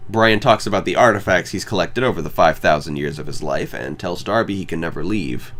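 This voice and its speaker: A man hosting a podcast, reading a scripted film review in a wry, enthusiastic way. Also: deep voice. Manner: wry, enthusiastic, lively intonation. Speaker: podcast host.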